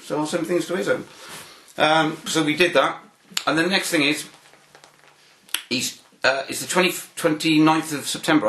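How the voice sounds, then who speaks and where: A man, interviewed and telling anecdotes in an animated way, often repeating words as he starts a phrase. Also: medium pitch, roomy sound. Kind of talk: anecdotal storytelling.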